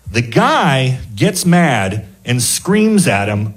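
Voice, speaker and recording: A man's voice: mid-range voice, sing-song, moderate pace, hardly any pauses. Chuckling stand-up storyteller man. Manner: rambling anecdote, chuckling at his own jokes. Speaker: stand-up comedian.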